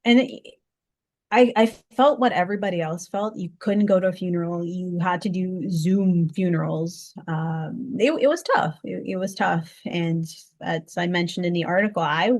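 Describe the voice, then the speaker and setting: A woman interview guest telling a personal story in conversation, heartfelt, often stopping to restart and repeat words. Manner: heartfelt, lively pitch swings.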